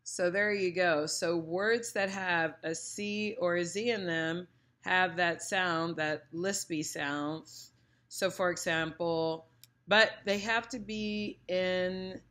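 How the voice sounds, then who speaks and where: Woman language teacher, lower voice, casual, playful, opinionated, acts out sounds as she explains. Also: fairly even intonation, takes it slowly, a bit bright. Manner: chatty, playful, opinionated, demonstrates sounds aloud. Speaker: Spanish teacher.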